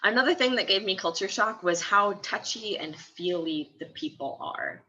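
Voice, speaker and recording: A woman's voice: mid-range voice, expressive, normal speed, bright, forceful tone, dull audio. A woman in her twenties from the American Midwest, chatting casually in a vlog and laughing often between phrases. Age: 20s. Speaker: study abroad student.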